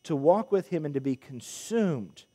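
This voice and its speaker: Male preacher, animated emphatic sermon, slightly raised pitch, echoing sanctuary. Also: unhurried. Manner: animated, rising emphatic calls to the congregation. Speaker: pulpit minister. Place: church sanctuary. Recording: long church reverb.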